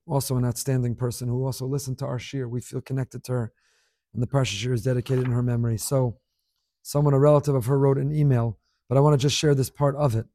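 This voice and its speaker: A middle-aged man teaching a Torah class, reading listener emails aloud with animated, emphatic delivery and scattered Hebrew terms. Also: mid-range voice, fast talker, no echo.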